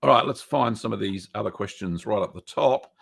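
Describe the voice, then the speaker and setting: A man's voice: on the low side, brisk, vocal fry. A middle-aged man hosting a live stream, casually answering viewer questions with lots of ums and uhs in a small echoey room. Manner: relaxed, chatty, many ums and uhs.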